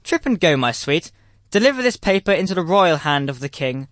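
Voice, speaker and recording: A man's voice: fairly high pitch, very animated, brisk, fairly bright tone, dry recording, studio quality. A man playing a pompous pedant schoolmaster. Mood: grandiloquent. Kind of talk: stage acting in verse.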